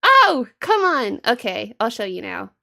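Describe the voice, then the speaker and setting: A woman's voice: on the high side, sing-song, a little slow, creaky, bright, forceful tone. Giggly, playful woman streamer. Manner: playful, giggly, self-mocking. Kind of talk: casual livestream chat.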